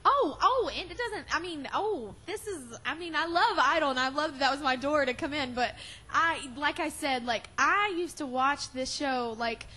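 A woman's voice: high-pitched, sharp tone. A young woman answering press questions backstage, emotional and crying, laughing often and rambling with fillers. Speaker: award-winning singer at press conference.

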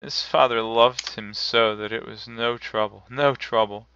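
A man voicing a grieving mother, gentle and steady, with a soft, slow, raised delivery in a live reading of a classic novel. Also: mid-range voice, vocal fry, highs cut off, slight background noise. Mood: tender.

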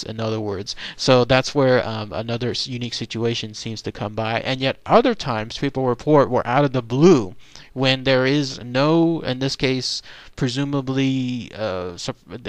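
A man's voice: medium pitch, no echo. A man, a channel host, casually telling a ghost story in a loose, rambling way with many fillers and restarts. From Texas. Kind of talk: casual unscripted storytelling monologue.

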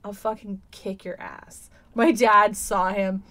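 A woman's voice: medium pitch, slow pace. Swearing woman podcast co-host. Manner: profane, animated storytelling. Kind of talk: casual chat.

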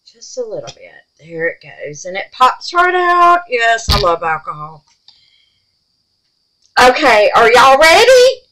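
Gushing woman crafter, slow drawl. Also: a little high, poor audio. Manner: gushing and excitable, swings from squeals to hushed murmurs; calls viewers babies and y'all. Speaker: resin crafter, channel host. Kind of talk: crafting vlog chat.

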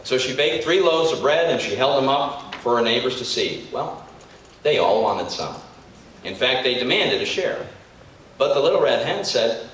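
A man's voice: mid-range voice, expressive, moderate pace, fairly bright tone, a little hiss or hum. A male political candidate telling a fable in a wry, folksy way to a live audience. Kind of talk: storytelling speech to a live audience. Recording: echoey room, distant mic.

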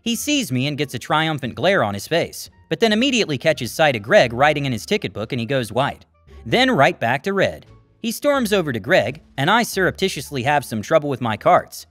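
Lively male story narrator. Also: fairly high pitch, brisk, dry recording, faint music behind.

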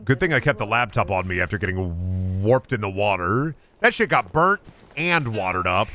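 Sarcastic, bright-voiced young man streaming a game. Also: on the low side, normal speed. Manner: sarcastic, profane, jokey. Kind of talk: live gameplay commentary.

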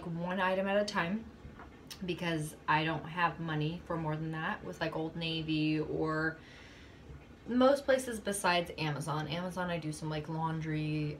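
A woman's voice: deep voice, slight background noise. A young woman chatting casually to her vlog camera in a rambling way, with lots of fillers and small laughs. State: shivering with cold. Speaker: vlogger. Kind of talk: casual chat.

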